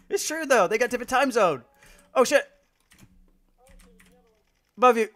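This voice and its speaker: Very high-pitched and fairly bright, with lively intonation, this man takes his time and pauses frequently. He streams a shooter game, swearing, trash-talking his opponents and joking with his squad, with frequent laughter throughout.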